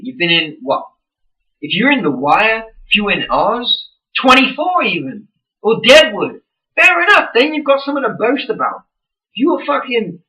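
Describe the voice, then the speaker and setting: Young man, exasperated sweary vlogger, bright, sharp voice, set back from the mic. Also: high voice, recorded from a distance, low-quality recording. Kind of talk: casual ranting vlog.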